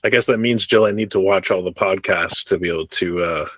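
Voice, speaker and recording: Male podcast co-host, brief hesitant reactions, low voice, dry sound. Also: fairly quick, fairly bright tone, no echo. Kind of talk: casual podcast conversation.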